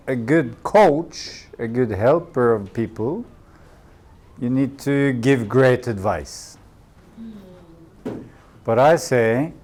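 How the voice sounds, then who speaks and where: A man with a Norwegian accent leads a coaching workshop in a community room, speaking English as his second language. He takes his time, slowly laying out each idea and repeating the important phrases. His voice sits at an ordinary middle pitch. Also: a little mellow. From Norway. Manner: unhurried, repeats key phrases for emphasis. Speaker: workshop leader.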